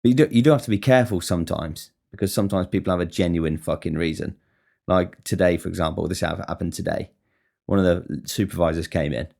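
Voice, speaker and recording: A man's voice: low-pitched, fast talker, vocal fry, warm tone. A man talking casually on his podcast in a rambling monologue, swearing constantly and wryly. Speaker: podcast host.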